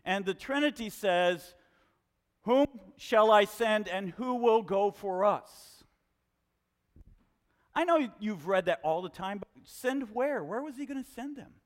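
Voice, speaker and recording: A man preaching a sermon to his congregation, questioning them in an animated way. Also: sits high, in a large hall. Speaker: pastor. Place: church hall with a congregation.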